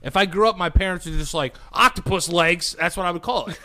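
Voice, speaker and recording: A young man co-hosting a podcast, relaxed and chatty, swearing casually. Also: sits high, fast, a little hiss or hum. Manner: laid-back, swears freely, chatty. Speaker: podcast co-host. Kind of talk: casual chat.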